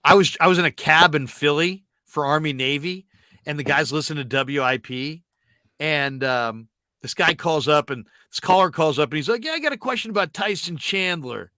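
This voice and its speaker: A man hosting a sports talk show, telling stories with animated, shouted impressions of callers. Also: on the high side, moderate pace, dry recording, clean studio sound. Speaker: sports radio host.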